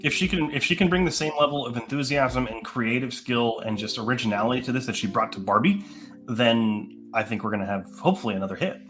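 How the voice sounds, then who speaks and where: A man's voice: medium pitch, a bit bright, faint music behind. A man co-hosting a livestream, chatting casually about upcoming movies and reading out news items. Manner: upbeat, quick, reads headlines. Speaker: co-host.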